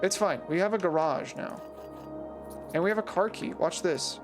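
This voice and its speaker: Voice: mid-range voice, normal speed, over music. A video game streamer giving casual, joking live-stream commentary while teasing the chat.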